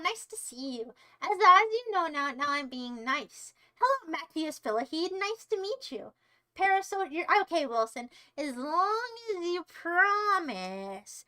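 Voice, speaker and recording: A woman's voice: high voice, pushed and bright. A woman livestreamer chatting casually with her viewers, playful and teasing, putting on a mock-sweet tone. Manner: rambling, chats to viewers by name.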